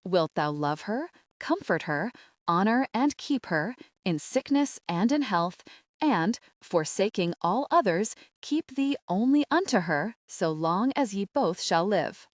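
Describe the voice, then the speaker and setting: A woman reading an audiobook, voicing a beaming older vicar who recites the wedding vows slowly and solemnly. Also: mid-range voice, expressive, no echo, clean studio sound, lightly acted. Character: beaming elderly male vicar, formal and ceremonious.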